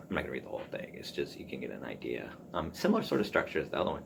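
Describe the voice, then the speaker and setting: A man hosting a solo podcast, musing aloud about writing in a halting way, full of ums and restarts. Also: very deep voice, big pitch swings, creaky, noisy background. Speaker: podcast host. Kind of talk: casual solo talk on writing.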